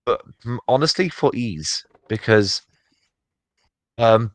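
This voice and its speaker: A man's voice: medium pitch, lively intonation, takes it slowly, no room sound. A man co-hosting a casual podcast chat, rambling with many fillers and restarts. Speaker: podcast co-host.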